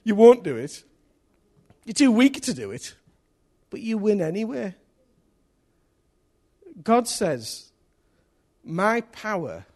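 A man preaching a sermon in a church, telling a story with energy, rising to excited shouts and dropping to near whispers. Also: high voice. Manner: swings from hushed to excited shouting; lively storyteller with local place names and slang.

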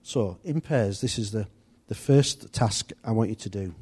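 A man's voice: lowish voice, a little slow, darkish tone, breathy edge. A man giving an informal, chatty church teaching, rambling a little with restarts and asides. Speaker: church leader.

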